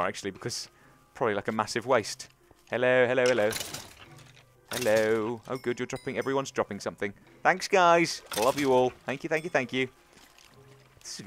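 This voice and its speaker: A man's voice: mid-range voice, fairly bright tone, a little hiss or hum. A young man hosting a gaming channel, chatting and rambling through a let's play commentary to his viewers and to the creatures in the game.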